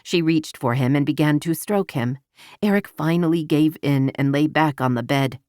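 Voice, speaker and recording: A woman narrating a romance audiobook in an even, intimate storytelling manner, recorded close to the mic. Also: sits low, normal speed, no room sound.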